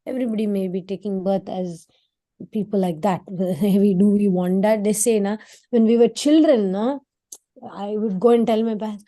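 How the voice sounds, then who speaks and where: A woman teaching a scripture class in a chatty, lively way, often asking "right?". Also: mid-range voice, moderate pace.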